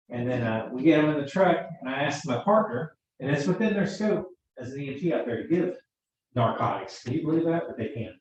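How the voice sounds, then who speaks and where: A man's voice: fairly high pitch, lively intonation, brisk, darkish tone. Chatty male instructor in echoey room. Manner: chatty storyteller, acts out quoted dialogue. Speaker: EMT instructor. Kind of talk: classroom lecture with stories. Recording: echoey room, far from mic, dull sound.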